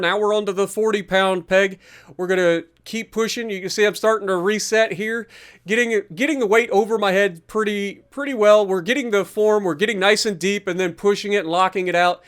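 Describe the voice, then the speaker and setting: High, smooth-voiced man giving casual workout commentary. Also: a bit bright. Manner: chatty, upbeat, talks to viewers directly. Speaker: fitness vlogger.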